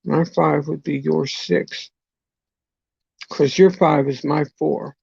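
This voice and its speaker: A man's voice: fairly high pitch, steady tone, takes it slowly, creaky, a little mellow, slightly rough, no room sound, lo-fi sound. A man hosting a live stream, chatting casually, greeting viewers one by one and reading out their messages.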